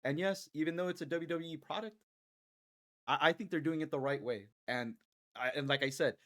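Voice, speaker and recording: A man with a slightly higher-than-usual voice gives his honest take on a podcast. He leans hard on his points and is frank and emphatic. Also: a little fast. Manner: candid and emphatic, building to loud enthusiasm. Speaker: podcast co-host. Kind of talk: casual wrestling podcast chat.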